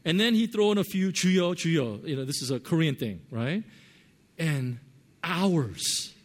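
A man preaching a sermon, telling a personal story with lively swings between loud and soft earnest tones. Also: fairly high pitch, a little slow. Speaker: pastor.

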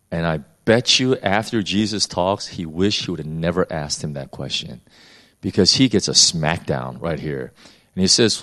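A man's voice: low voice, lively intonation, normal speed, a bit bright. A man preaching in a conversational Bible-teaching style, often repeating words as he thinks.

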